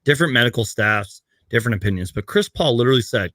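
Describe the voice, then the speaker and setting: A man's voice: mid-range voice, animated, fast talker, a bit bright, dry recording. A man hosting a casual live-stream chat about basketball, talking in a laid-back, chatty way and laughing often. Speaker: basketball show host.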